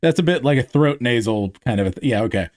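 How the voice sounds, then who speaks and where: A man from North Georgia with a Southern accent, hosting a podcast in relaxed, rambling casual chat. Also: mid-range voice, fast. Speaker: podcast host.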